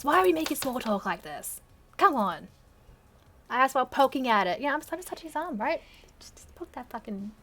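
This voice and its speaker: A woman's voice: a little high, fairly bright tone, slight background noise. A young woman reading her old teenage story aloud and mocking it with sarcastic, self-deprecating asides and frequent laughter. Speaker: channel host reading her teenage fan fiction aloud.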